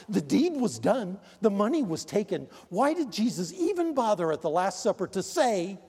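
Older man, pastor, emphatic sermon delivery, high voice, long church reverb. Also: very animated, moderate pace, few pauses, slightly rough. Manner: emphatic preaching, swings between loud stressed words and low quiet asides. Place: church sanctuary.

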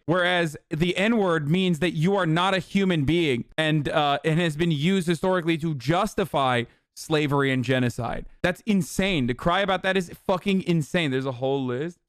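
A man's voice: on the high side, clean tone, no room sound, clean studio sound. A man reacting to video clips as a streamer, ranting and mocking with a lot of cursing. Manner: mocking, rants loudly with frequent cursing. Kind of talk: profane reaction commentary.

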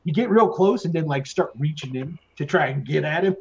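A man's voice: on the high side, expressive, brisk. A man running a tabletop game as game master, casual and laughing often. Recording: dull lo-fi audio.

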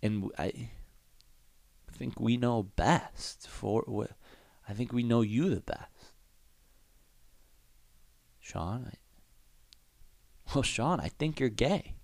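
Young male podcast host, slow, swooping delivery, foul-mouthed rambling riff, dry close mic. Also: mid-range voice, vocal fry, dry recording. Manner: profane, rambling, animated riffing. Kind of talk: casual comedic rant.

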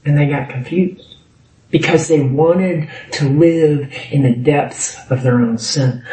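Slow-preaching man in an echoey hall. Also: distant mic. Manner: preaching, rising high and loud when voicing scripture. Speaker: pastor. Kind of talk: sermon. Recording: echoey room.

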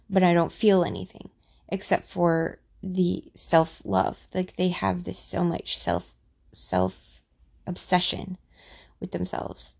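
A woman with a lowish, gravelly voice speaks in a casual monologue. She talks from personal experience and gives her opinion in a halting way, with plenty of fillers and restarts. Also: mellow.

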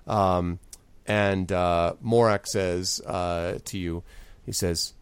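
A man's voice: low-pitched, unhurried, clear, resonant tone, dry recording. A man narrating as game master in a rambling way with many fillers.

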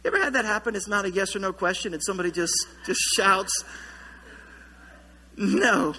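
A man preaching a sermon as pastor in a church, telling a story with lively humor. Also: sits high, fast, in a large hall. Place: church sanctuary.

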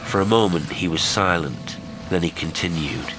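A man reading a horror story aloud, with measured, dramatic storytelling. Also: very deep voice, over music, rough recording. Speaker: podcast narrator. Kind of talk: scripted horror narration.

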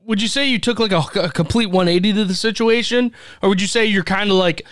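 A man hosts a casual podcast chat with a high, smooth, resonant voice, asking questions and cursing casually in support of his guest. The sound is dry and close. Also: quick pace, fairly bright tone, no echo. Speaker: podcast host.

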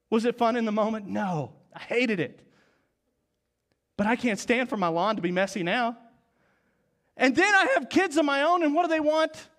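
A man in his forties preaching a sermon, telling stories and dropping to soft, low tones for emphasis. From Oklahoma, US. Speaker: pastor.

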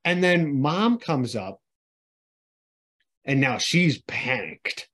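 A man's voice: mid-range voice, drawn-out words. A man co-hosting a podcast, telling a story in casual chat, cursing freely and acting out the people he quotes. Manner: animated storytelling, lots of swearing, acts out quoted people. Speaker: podcast co-host.

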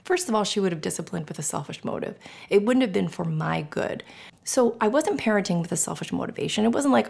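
A woman's voice: mid-range voice, normal speed, gravelly, husky. A middle-aged woman hosting a personal podcast, talking candidly and emotionally, swearing freely and acting out scenes. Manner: animated, acts out scenes in whispers and voices. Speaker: podcast host.

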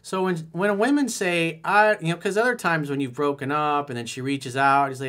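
A man giving blunt dating advice, reading a listener's letter aloud and reacting to it, acting out lines with sudden soft asides. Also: on the high side, normal speed. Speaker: dating coach.

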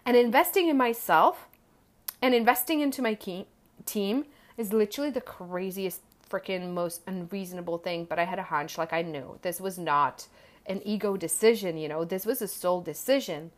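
A woman's voice: medium pitch, normal speed. A woman, a coach and entrepreneur, candidly telling a rambling personal story and acting out what she and others said. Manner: candid, rambling, acts out her own quotes.

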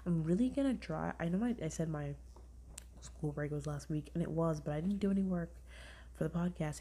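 A young woman's low, slightly rough voice carries this podcast's casual review chat. She rambles, uses "like" a lot, retells things with animation, and keeps falling into a half-whisper.

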